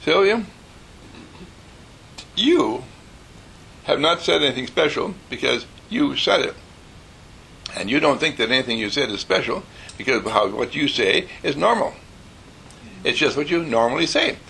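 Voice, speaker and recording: Gravelly, animated man giving an inspirational talk. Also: mid-range voice, unhurried, pauses often, a little hiss or hum. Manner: animated storyteller who acts out voices and laughs.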